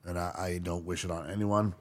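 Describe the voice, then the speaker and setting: A man co-hosting a podcast, chatting casually and rambling with halting restarts. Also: deep voice, fairly even intonation. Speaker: podcast co-host. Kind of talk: casual chat.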